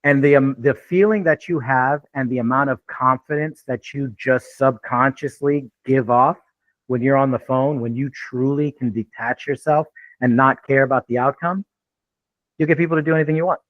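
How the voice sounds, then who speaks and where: A man's voice: mid-range voice, fairly even intonation, moderate pace, no room sound, lo-fi sound. A man giving an unscripted real estate training talk in a blunt, laid-back way with frequent swearing.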